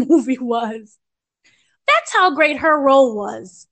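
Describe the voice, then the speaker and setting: A woman's voice: sits high, animated, normal speed, a bit bright. A young American woman reviewing a film on a podcast, gushing and rambling with restarts and fillers. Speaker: entertainment editor reviewing a film.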